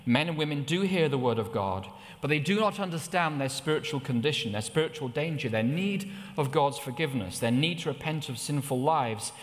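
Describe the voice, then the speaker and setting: A middle-aged man preaching a sermon, telling personal stories with lively rises in pitch. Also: a little fast, few pauses. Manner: anecdotal, with animated rises in pitch. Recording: long hall reverb.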